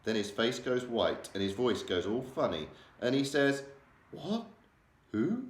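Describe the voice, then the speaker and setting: A man's voice: mid-range voice, lively intonation, moderate pace. A male primary school teacher reading a children's novel aloud, changing his voice for the characters. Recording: echoey room.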